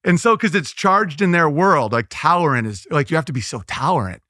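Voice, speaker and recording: Bright, riffing male comedian. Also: a little high, lively intonation, no echo, clean studio sound. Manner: loose riffing with quick impressions and asides; frequent "like" fillers, restarts. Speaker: comedian guest. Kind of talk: casual interview chat.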